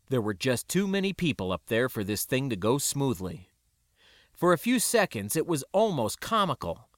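A man narrating a first-person story aloud in an expressive reading. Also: medium pitch, no echo, studio quality. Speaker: audiobook narrator.

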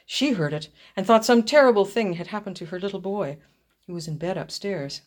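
A woman reading a ghost story aloud in a measured, expressive storytelling manner. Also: medium pitch. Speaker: reader.

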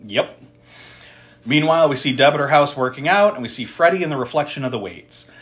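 A man's voice: a little high, expressive, fairly quick, a bit bright. A man co-hosting a podcast, casually retelling a horror film's plot with frequent laughter and swearing. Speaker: podcast co-host recapping a film.

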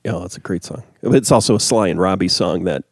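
A man's voice: low voice, fast talker, dry recording, studio quality. A man in casual chat who rants with heat and then apologises for getting carried away. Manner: heated, ranting and self-deprecating.

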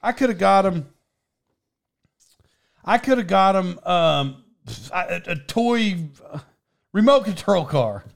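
A man's voice: sits high, animated, slow pace, vocal fry, long pauses. A man telling rambling stories in casual chat, laughing as he goes.

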